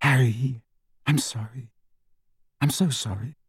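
Brief: clever teenage witch girl, voiced by a male reader, brisk and precise, raised pitch. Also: very animated, gravelly, darkish tone, husky, no room sound, clean studio sound, exaggerated voice. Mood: apologetic.

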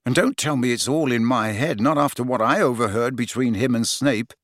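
A man's voice: medium pitch, brisk, dry recording, clean studio sound, natural voice. A man reading an audiobook, voicing a hot-tempered teenage boy who sounds angry and frustrated. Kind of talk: audiobook character voice.

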